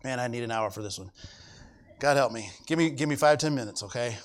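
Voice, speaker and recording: Speaking briskly at a medium pitch, this middle-aged pastor delivers his sermon with emphasis. He goes over his points again and again, checking that his congregation can follow along.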